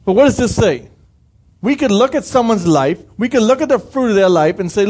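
A young man preaching a sermon in a high, light voice. He keeps it chatty and informal, asking the congregation direct questions. He breaks into brief impressions of the people he describes. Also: animated, fairly quick, darkish tone. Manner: conversational preaching, asks the congregation questions, acts out quoted voices. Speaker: pastor.

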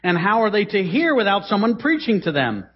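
A middle-aged man preaching a sermon in a church, dramatic, swinging between loud emphasis and hushed asides. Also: high-pitched, very animated, fairly quick, breathy edge. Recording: dull, lo-fi sermon recording.

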